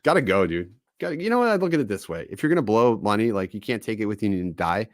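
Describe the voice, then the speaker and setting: A man hosting a casual live-stream chat, telling stories in a loose, profane, animated way. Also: fairly low pitch, quick pace, no echo, studio quality. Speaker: podcast host.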